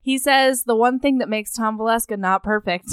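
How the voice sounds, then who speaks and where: Giggly animated woman, higher voice. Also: normal speed, clear, resonant tone, no room sound, studio quality. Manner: giggly, animated, acts out dialogue. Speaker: podcast co-host. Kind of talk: casual chat, reading book passages aloud.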